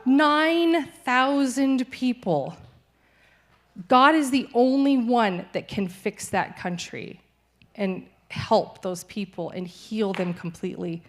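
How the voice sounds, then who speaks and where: A woman's voice: medium pitch, unhurried. A young adult woman, a missionary, giving a cheerful church testimony and laughing easily through hard news. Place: church sanctuary.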